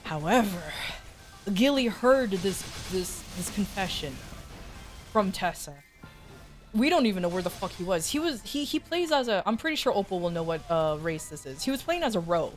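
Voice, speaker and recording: A woman streaming as a VTuber, telling a rambling, self-mocking story to her chat and jumping her pitch high when she quotes people. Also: very animated, moderate pace. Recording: faint music behind.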